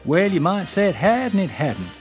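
A man's voice: high-pitched, sing-song, normal speed, soft background music, pitched above the performer's own voice. An Englishman putting on a Southern US airman. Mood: blunt. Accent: put-on American Southern, English-tinged. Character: young male US airman, bigoted southerner.

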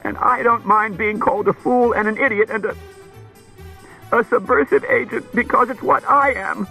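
A man voicing a frightened, guilt-ridden wife who pleads through tears in a breathy, high voice. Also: steady tone, brisk, sharp tone, soft background music, exaggerated voice, poor audio. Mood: distraught.

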